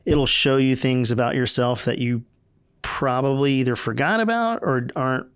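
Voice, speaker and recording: Man, mid pitch, smooth resonant tone; easygoing, stop-start conversational delivery. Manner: relaxed, halting with fillers and restarts. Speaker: podcast guest. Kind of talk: casual conversation.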